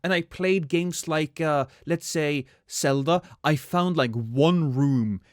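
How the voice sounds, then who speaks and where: A man's voice: fairly high pitch, takes it slowly, no echo, clean studio sound. A man co-hosting a gaming podcast, chatting casually in a laid-back, rambling way and laughing often. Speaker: podcast co-host. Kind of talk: casual chat.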